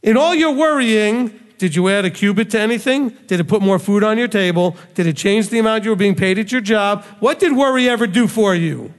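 A man's voice: high-pitched, brisk, hardly any pauses. A man preaching a sermon, bluntly scolding his listeners with rhetorical questions. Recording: long hall reverb.

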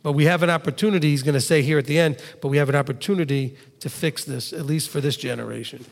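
A man's voice: fairly high pitch, fast, gravelly. A man, a father, preaching a sermon and teaching verse by verse in a conversational way, with direct asides to the listeners. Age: adult father of two. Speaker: pastor. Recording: long hall reverb.

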